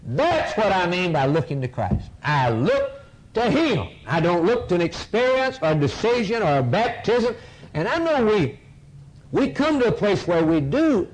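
Fiery preacher, wildly swinging pitch. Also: male voice, slight background noise, poor audio. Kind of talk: fiery sermon.

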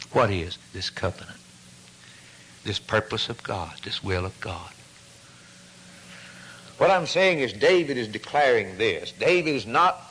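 A man delivers a sermon in a voice of middle pitch. He is fervent and leans on rhetorical questions. He sinks to hushed, intimate tones for emphasis. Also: low-quality recording. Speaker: preacher.

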